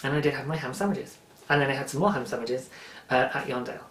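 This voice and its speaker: A man's voice: medium pitch, fast talker, a bit bright. Chatty English man in an echoey room. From England. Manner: rambling, chatty, self-interrupting. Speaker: podcast host. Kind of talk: casual chat.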